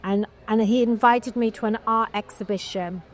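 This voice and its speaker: A guest film producer, a woman with a somewhat high voice, tells a story at normal speed in a casual interview. She's an animated storyteller who acts out quotes and restarts often.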